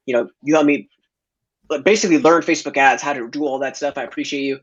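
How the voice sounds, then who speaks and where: A man's voice: medium pitch, quick pace, husky. A man guest telling a casual story over a call, loose and filler-heavy, laughing often. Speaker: podcast guest. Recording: dull lo-fi audio.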